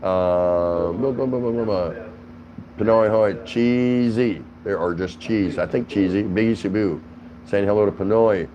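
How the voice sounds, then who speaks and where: A man with a fairly low voice chats casually with his livestream audience from home. He greets viewers by name, reacts to their comments and laughs easily as he talks. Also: a little slow, dark tone, a little hiss or hum, poor audio. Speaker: livestream host.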